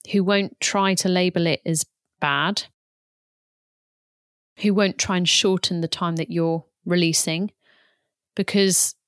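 Gentle, unhurried woman. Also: on the low side, dry recording, studio quality. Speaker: yoga teacher. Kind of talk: reflective personal talk.

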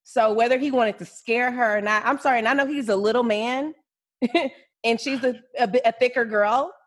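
A woman's voice: fairly high pitch, normal speed. A woman in her twenties co-hosting a podcast in casual chat, speaking frankly and bluntly. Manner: frank and blunt, with many restarts. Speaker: podcast co-host.

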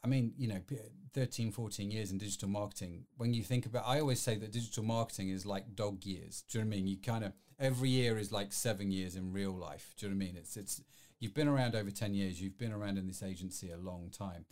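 A man's voice: on the low side, quick pace, darkish tone. A man hosting a live-streamed podcast, chatty and rambling, full of fillers and restarts. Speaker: podcast host.

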